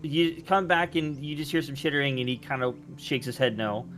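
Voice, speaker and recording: A man's voice: fairly high pitch, a little fast, a bit bright, faint music behind. A man running a tabletop game as game master, narrating in a loose, chuckling way full of fillers. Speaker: dungeon master.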